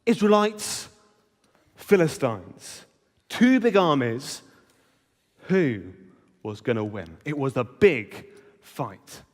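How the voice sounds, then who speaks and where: Guy doing a kids bible talk, slow and expressive, big echoey hall. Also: medium pitch. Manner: expressive, asking children questions. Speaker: children's club speaker. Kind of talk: animated children's Bible talk. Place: church hall. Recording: reverberant hall.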